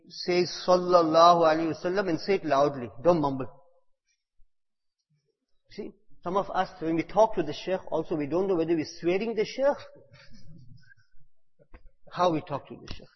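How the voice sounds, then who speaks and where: A man with a husky voice in a higher register gives a devotional talk, telling stories and repeating phrases for emphasis. His words ring out through a large hall with a long echo, and the recording sounds dull and lo-fi. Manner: storytelling, repeats phrases for emphasis, bursts loud on key words. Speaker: religious teacher.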